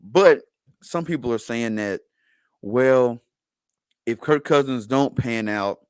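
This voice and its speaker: A man's voice: fairly low pitch, no echo, poor audio. Rambling, profane man on a dry call. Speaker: podcast co-host. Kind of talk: casual sports chat.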